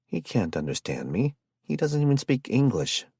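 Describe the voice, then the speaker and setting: Un hombre que interpreta a un superviviente bromista y protector que da órdenes con seguridad. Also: male voice, mid-range voice, sing-song, gravelly, a little mellow, husky, no echo, clean studio sound, voice pushed up, heavily acted. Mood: wry. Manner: joking, quick to snap orders. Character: wisecracking male survivor leader, protective. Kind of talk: audiobook character voice.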